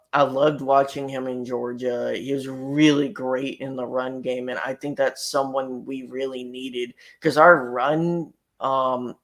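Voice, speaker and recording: A man hosting a casual podcast, chatting easily and putting questions to his guest. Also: medium pitch. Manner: easygoing, asks guests questions. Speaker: podcast host.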